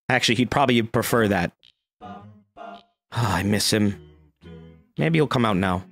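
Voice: medium pitch, moderate pace, vocal fry, pauses often, pushed and bright, soft background music. A game streamer giving casual, joking play-by-play and reading the game's dialogue aloud, swearing freely. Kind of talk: casual let's-play commentary.

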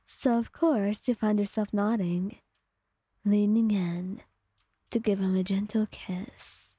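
A woman with a breathy voice telling a calm second-person story in soft ASMR narration, close to the mic. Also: medium pitch, slow pace, dry recording.

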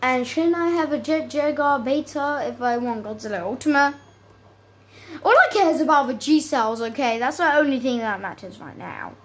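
A woman chatting excitedly to her viewers while she plays a video game. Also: high voice, normal speed, poor audio. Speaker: gaming channel host. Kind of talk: casual gameplay commentary.

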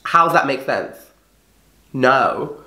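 A young woman ranting casually to camera, exasperated and swearing often, her voice rough from being ill. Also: a bass voice, expressive, takes it slowly, pushed and bright. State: sounding ill. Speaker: vlogger. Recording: echoey room.

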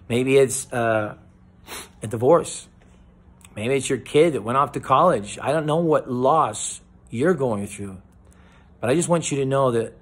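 A man, a pastor, gives a conversational devotional with frequent restarts and a gentle, softening delivery. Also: mid-range voice. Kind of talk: casual spoken devotional.

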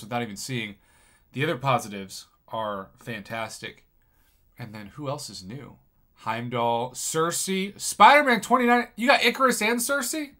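Bright-voiced excitable gaming commentator man. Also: medium pitch. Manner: excitable, jokey, bursts of loud surprise. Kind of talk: reaction commentary on crystal openings.

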